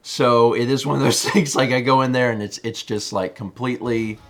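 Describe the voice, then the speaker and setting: A man in his thirties co-hosting a casual chat show, telling an animated story and mimicking other people's voices. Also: medium pitch, brisk, faint music behind. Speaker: co-host.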